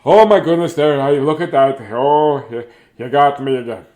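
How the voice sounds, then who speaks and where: A man performs a cheerful old grandpa who sounds startled, pitching his natural voice above his own into a fairly high register. The delivery is expressive and at a normal speed.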